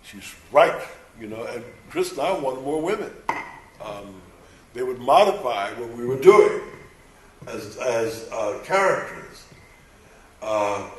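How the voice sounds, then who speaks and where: Older male voice actor, panel storyteller, animated and rambling, distant mic in a roomy hall. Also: medium pitch. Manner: animated, acts out quoted dialogue, rambling restarts. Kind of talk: anecdotal storytelling to a live audience. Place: convention panel room. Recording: echoey convention hall, picked up from afar.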